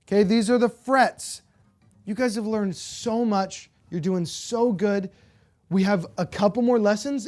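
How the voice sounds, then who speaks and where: An upbeat guitar teacher walks beginners through strumming patterns, counting "one e and a" aloud. The voice sits at a middle pitch and keeps checking in with "okay?". Clear acoustic guitar strumming runs underneath. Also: darkish tone. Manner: encouraging, counts beats aloud, frequent "okay?". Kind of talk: beginner music lesson.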